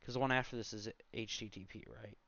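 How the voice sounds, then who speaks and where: A man's voice: on the low side, fairly even intonation, fast, vocal fry, fairly bright tone, no echo. A man in his twenties giving a casual, rambling screen-recorded walkthrough, full of fillers and side comments. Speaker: tutorial host. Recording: slightly dull, dry home recording.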